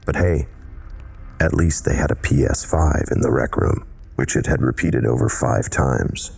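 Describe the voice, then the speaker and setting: A man reads a horror story aloud in measured, dramatic scripted narration. His voice is extremely deep, with a rough, husky grain. Faint music plays underneath. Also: a little mellow.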